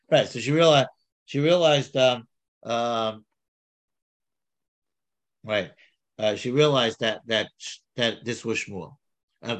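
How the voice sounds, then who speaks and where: Guy going through a hebrew text, stops and restarts a lot, mid pitched, casual. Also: fairly bright tone. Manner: halting, with many restarts and fillers; reads Hebrew aloud, then paraphrases. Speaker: Torah teacher.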